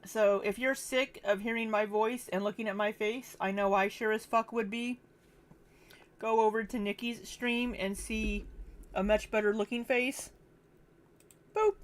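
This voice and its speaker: Slow-talking, tired woman streamer. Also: fairly high pitch, fairly even intonation. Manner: slow, rambling, self-deprecating. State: tired after long streaming, hiccuping. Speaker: livestream host. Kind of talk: casual livestream chat.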